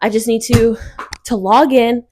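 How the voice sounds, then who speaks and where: A woman's voice: on the high side, fairly even intonation, unhurried, a little mellow, husky. A young woman co-hosting a podcast, telling a story in casual chat and laughing often as she talks. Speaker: podcast co-host.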